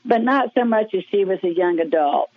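A woman's voice: mid-range voice, animated, moderate pace, dry recording. Middle-aged Southern woman, phone-in caller, earnest, thin phone-line sound, dry. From Birmingham, Alabama. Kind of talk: phone call to a radio show.

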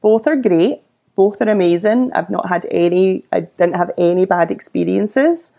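A woman's voice: mid-range voice, normal speed, creaky, warm tone. A Scottish woman in her thirties, chatting as a podcast guest and acting out the voices of people in her stories. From Scotland. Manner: chatty storyteller who acts out quoted voices. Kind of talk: casual interview chat.

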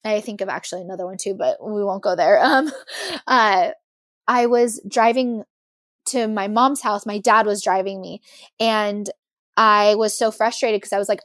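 A woman's voice: medium pitch, moderate pace, a bit bright, no echo, studio quality. A young woman guest on a podcast, candidly and animatedly telling a personal story with many fillers.

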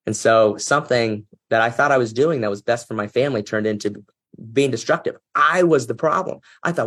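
A man with a slightly husky, mid-pitched voice tells a personal story as an interview guest. He speaks earnestly and reflectively, with real feeling behind his words. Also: brisk, fairly bright tone. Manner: earnest, reflective, emotional at times. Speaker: podcast guest, business executive.

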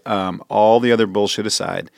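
A man's voice: fairly low pitch, steady tone, fairly quick, gravelly, no room sound, studio quality. A man who is a comedian guest on a podcast, chatting casually and jokingly, rambling with frequent restarts.

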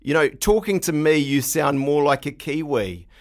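A man's voice: on the high side, expressive, normal speed. A man hosting a podcast interview, joking at his own expense and restarting his sentences. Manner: jokey, self-deprecating, stumbling restarts. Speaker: podcast host. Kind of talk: casual interview chat.

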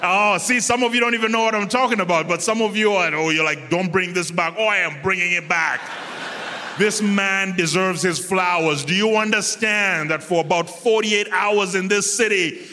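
A man performs stand-up comedy from a music-hall stage through a handheld mic. His voice sits high and bright, and he acts out the people he quotes. The long reverb of the big hall trails after each line. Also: slight background noise. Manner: animated, acts out quoted voices, repeats "do you understand?". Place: large music hall before a live audience.

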